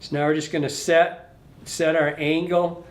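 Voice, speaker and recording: A man's voice: on the high side, level tone, measured pace, roomy sound, slight background noise. A man giving a casual hands-on fly tying tutorial, rambling and correcting himself, and talking to the fly as he works. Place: fly shop tying bench.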